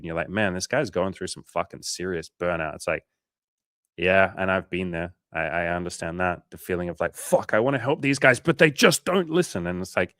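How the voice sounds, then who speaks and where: Low-voiced swearing male coach. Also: a bit bright, no echo, studio quality. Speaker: coach hosting a livestream. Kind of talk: casual livestream Q&A, reading chat.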